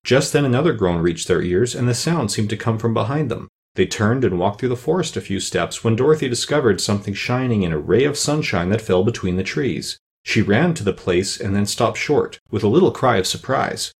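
A man narrating a children's storybook in a steady, even reading voice. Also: lowish voice, fairly quick, hardly any pauses. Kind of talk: audiobook narration.

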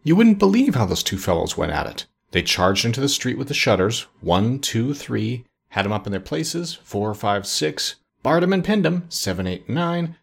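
A man narrating a classic story as an audiobook in a measured, expressive reading. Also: medium pitch, creaky, slightly rough.

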